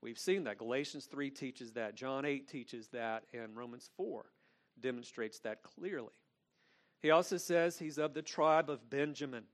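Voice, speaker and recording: A man's voice: mid-range voice, a little slow. A man preaching an expository sermon as pastor, earnest and emphatic, often restating his phrases.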